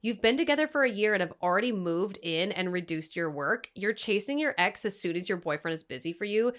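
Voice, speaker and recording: Lively young woman podcast host. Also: medium pitch, fairly quick. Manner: chatty, lots of "like" fillers, upbeat. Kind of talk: casual podcast chat.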